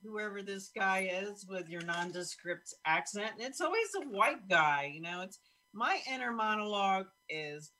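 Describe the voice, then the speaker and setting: A woman who is a guest on a podcast, telling stories in a wry, animated way. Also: medium pitch, moderate pace. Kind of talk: casual conversation.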